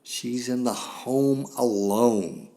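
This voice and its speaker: An older man hosting a podcast, telling a solemn personal story in a slow, grave way with long pauses. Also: medium pitch, creaky, mellow. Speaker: podcast host.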